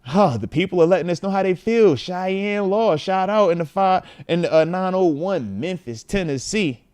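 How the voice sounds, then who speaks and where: A man in his thirties hosting a casual livestream from home, animated as he reads out fan messages. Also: sits high, normal speed, clear, resonant tone, no echo, studio quality. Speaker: host.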